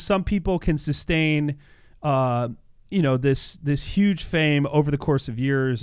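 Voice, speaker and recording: A man giving casual devotional commentary over a gameplay video as a YouTuber, earnest and animated, often repeating words as he talks. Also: a little high, smooth, no echo, clean studio sound.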